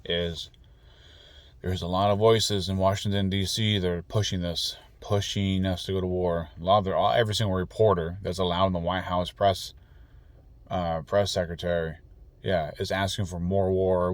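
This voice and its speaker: A man's voice: sits low, flat delivery, moderate pace, dry recording. A man delivering an angry, profane, rambling political rant full of restarts. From United States. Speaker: political commentator. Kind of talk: ranting monologue.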